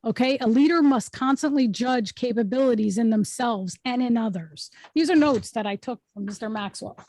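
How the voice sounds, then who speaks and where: A woman's voice: on the high side, moderate pace, a little mellow, dry recording. A woman hosting an online workshop over a video call, teaching in an emphatic, instructive way and often checking in with the group. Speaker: host and speaking coach.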